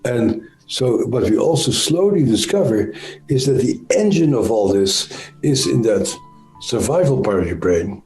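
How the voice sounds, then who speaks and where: A man with a Dutch accent, an interview guest explaining ideas in a thoughtful, halting way with frequent pauses and self-corrections. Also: medium pitch, sing-song, darkish tone, reverberant, faint music behind. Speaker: interview guest, trauma expert. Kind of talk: conversational explanation.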